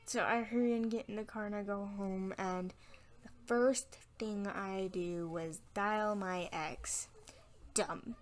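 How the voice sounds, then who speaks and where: A woman's voice: mid-range voice, fairly even intonation, takes it slowly. A young woman telling a personal story on her vlog, frank and candid, acting out what people said. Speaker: vlogger.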